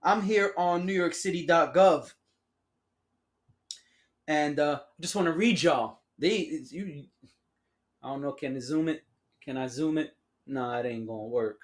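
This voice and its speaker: Solo podcast host, mid-pitched voice, sarcastic and slangy, riffs casually straight to the listeners. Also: unhurried, long pauses. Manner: sarcastic, laughs at own remarks; slangy, addresses listeners as y'all.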